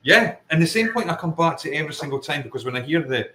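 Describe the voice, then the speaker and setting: A man's voice: a little high, lively intonation, fast talker, bright, forceful tone, slight background noise, low-quality recording. A Scottish man with a Fife accent, a paranormal investigator guest talking earnestly and emphatically in a casual interview, often circling back to his point. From Scotland.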